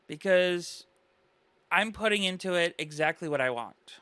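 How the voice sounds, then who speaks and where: Reaction commentator, male, high and very bright voice, earnest and rambling, dry close sound. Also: animated, measured pace, smooth, dry recording. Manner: earnest, rambling, full of "you know" and "like".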